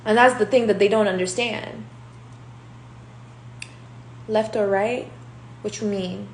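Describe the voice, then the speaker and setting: A woman's voice: mid-range voice, steady tone, slow. Brash, profane woman tarot reader. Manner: profane and confrontational, rambling. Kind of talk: casual tarot reading rant. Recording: echoey room with faint hum.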